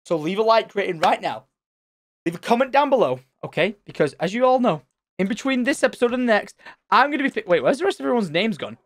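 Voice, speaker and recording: A man commentating his Minecraft let's play, excitable and loud at surprises. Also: high voice, fast talker, no echo. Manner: excitable, shouts and squeals at surprises. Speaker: gaming channel host.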